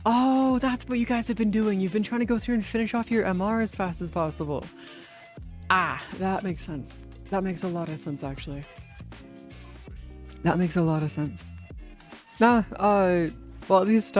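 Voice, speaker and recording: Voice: medium pitch, a little mellow. Rambling, casual gaming streamer. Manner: rambling, filler-heavy, casual swearing. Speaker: live streamer.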